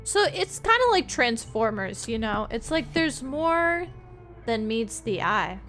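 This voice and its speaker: A woman's voice: fairly high pitch, very animated, takes it slowly, fairly bright tone, soft background music. A woman from Florida, a streamer chatting playfully with her viewers while she plays a point-and-click detective game. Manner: chatty, playful, talks to chat. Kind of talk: let's play commentary.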